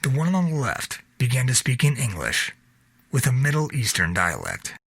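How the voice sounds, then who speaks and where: A man narrating his own novel in a steady storytelling read. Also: medium pitch, moderate pace, slightly rough, dry recording. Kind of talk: reading a self-published novel aloud.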